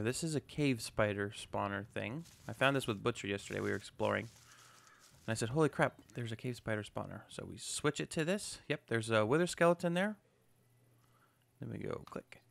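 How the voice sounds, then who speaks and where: A man's voice: mid-range voice, lively intonation, normal speed, vocal fry, a bit bright. A man hosting a video game channel, giving upbeat, chatty gameplay commentary with a self-mocking streak. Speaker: gaming channel host.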